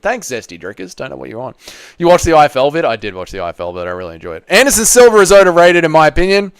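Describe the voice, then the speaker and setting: A man's voice: fairly high pitch, sing-song, very fast, clean tone, no room sound, clean studio sound. An Australian man hosting a casual livestream, reading viewer comments aloud and bantering bluntly with plenty of swearing. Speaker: livestream host.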